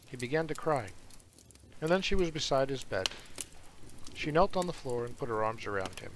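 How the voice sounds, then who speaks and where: A man reads a fantasy novel aloud, earnest and unhurried. His voice sits at an ordinary male pitch. A faint hiss runs under the recording. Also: animated, low-quality recording. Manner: earnest reading, with asides to listeners. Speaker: audiobook reader.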